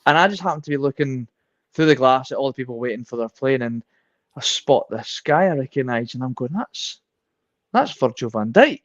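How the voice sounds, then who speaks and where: A man's voice: medium pitch, animated, a little fast, no room sound. Teasing man on a dull dry mic. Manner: teasing, laughs mid-sentence. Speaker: podcast host. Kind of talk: casual podcast chat.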